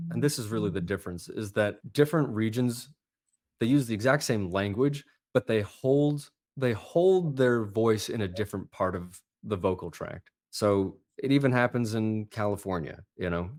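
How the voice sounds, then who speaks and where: A man's voice: lowish voice, normal speed. Man talking animatedly on a podcast. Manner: animated storyteller, lively asides. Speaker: accent coach guest. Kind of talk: casual podcast chat.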